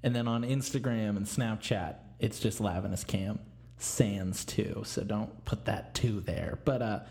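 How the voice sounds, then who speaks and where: A young man co-hosting a casual podcast, tossing out deadpan wisecracks. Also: fairly low pitch, unhurried, creaky. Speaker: podcast co-host. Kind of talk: casual chat.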